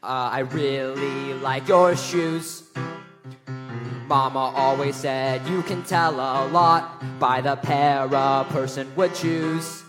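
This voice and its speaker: Man singing as a sweet, earnest guy on a bench, slow musical-theatre lines, long hall reverb and loud music. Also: medium pitch, fairly even intonation, lightly acted. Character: simple-hearted Southern man on a bench.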